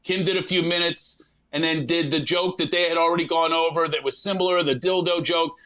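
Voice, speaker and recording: High bright-voiced man telling a comic story. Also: fairly even intonation, fairly quick. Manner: acts out others in quoted voices, profane. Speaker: guest comedian. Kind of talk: animated comedic storytelling.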